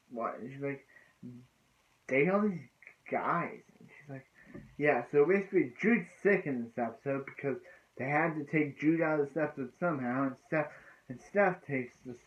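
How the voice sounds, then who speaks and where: A man casually recapping a TV episode in a rambling way, restarting often and filling gaps with "so yeah" and "so anyway.". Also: medium pitch. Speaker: TV episode reviewer. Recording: tinny phone-like lo-fi sound.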